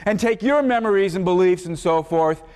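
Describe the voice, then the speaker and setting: A man voicing an evil adult male mad scientist who explains his scheme slowly, in an echoey lecture hall. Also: high-pitched, darkish tone, smooth, close to an everyday voice. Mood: explaining.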